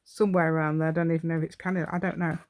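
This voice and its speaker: Woman host, low-ish voice, rambling and giggly self-talk while demonstrating a craft; dry sound. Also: little pitch movement, racing, a little mellow, dry recording. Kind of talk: chatty step-by-step craft tutorial.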